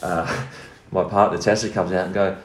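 A man's voice: sits low, steady tone, normal speed, roomy sound. An Australian man casually telling a story as a podcast guest, swearing freely and laughing as he goes.

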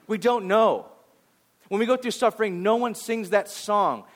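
A man with a high voice preaches in a loose, talky way. He swings from bright acted-out voices to quiet, hushed moments as he speaks to his congregation as their pastor. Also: moderate pace. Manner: conversational, animated, acts out voices, drops to a near whisper on serious points. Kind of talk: sermon.

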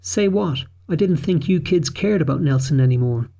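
A man's voice: on the high side, lively intonation, normal speed, creaky, dark tone. Earnest confessing park manager, read by a man. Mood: earnest confession.

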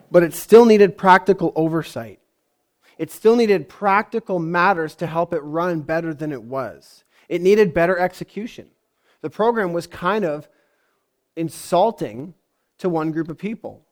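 A man's voice: fairly high pitch, a little slow. A man preaching a sermon in a conversational way, often asking his congregation questions. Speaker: pastor.

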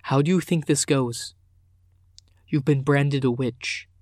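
A man doing a grim worried dad, low and rumbling, slow, dry sound. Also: fairly even intonation, a little mellow, no echo. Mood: grim anguish. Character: stern anguished middle-aged father.

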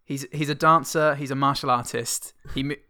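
A man co-hosting a podcast, chatting casually about films with quick quips and many fillers. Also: mid-range voice, fairly even intonation, bright, forceful tone. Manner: laid-back, quick quips, frequent fillers. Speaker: podcast co-host. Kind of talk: casual film review chat.

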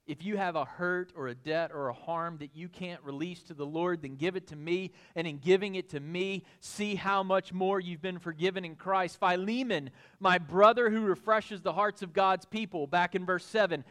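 A male pastor preaching an expository sermon, folksy and animated, building to excited emphasis. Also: on the high side, moderate pace.

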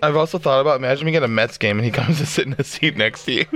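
A man's voice: mid-range voice, rapid-fire, a bit bright. A man co-hosting a podcast, trading crude jokes in casual banter and laughing often. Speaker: podcast co-host.

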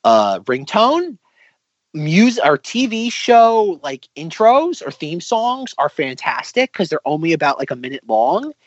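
Podcast co-host, lively chatter, higher pitch, dead-dry room. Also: male voice, measured pace, dry recording, dull audio. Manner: animated, lots of vocal impressions. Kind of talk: casual chat.

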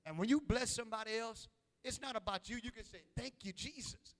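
A man's voice: extremely high pitch, quick pace, fairly bright tone, big-room sound. A man preaching a sermon, calling out to his congregation with rising and falling intensity. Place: church.

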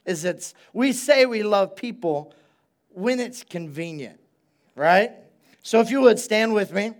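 A male pastor preaching a sermon in a relaxed, conversational way, repeating phrases for emphasis and drawing call-and-response from his congregation at a church service. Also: high-pitched, a little slow.

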